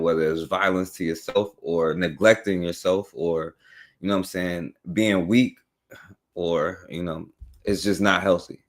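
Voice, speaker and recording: A man hosting a casual podcast discussion, rambling with many fillers and restarts. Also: sits low.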